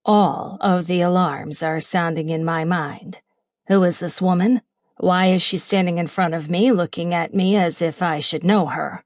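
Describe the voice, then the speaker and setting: A woman narrating an audiobook as a wary young single father with a deep voice, tense and questioning himself. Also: fairly even intonation, measured pace, a little mellow, dry recording, clean studio sound. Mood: alarmed.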